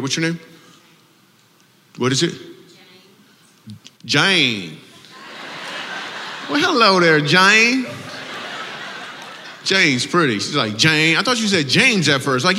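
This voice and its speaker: A man's voice: fairly high pitch, pushed and bright, slight background noise. A man doing live stand-up comedy, teasing audience members and laughing between jokes. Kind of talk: live stand-up crowd work. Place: live show venue. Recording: reverberant live venue with faint ambience.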